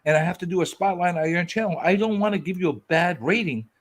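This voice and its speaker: A man in a casual group video chat, teasing the others with loud, rambling, playful bluster. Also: sits high, fast talker. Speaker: community hangout regular.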